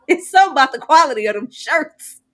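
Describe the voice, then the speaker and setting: Lively teasing woman co-host. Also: high voice. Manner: playful, bossy, teasing. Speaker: co-host of a watch-along reaction show. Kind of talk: casual group chat reacting to a show.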